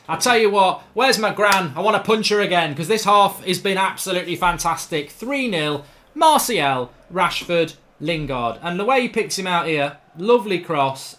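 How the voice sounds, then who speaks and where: Excitable man commentating a football game. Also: sits high, normal speed. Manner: excitable, bursts into loud shouting over goals; chatty, rambling asides. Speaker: gaming commentator.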